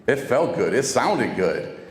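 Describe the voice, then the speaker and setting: A man with a medium-pitched, very animated voice tells his own recovery story to camera, taking it slowly. He's casual and conversational, acting out what others said to him. The room is echoey with long reverb and faint music.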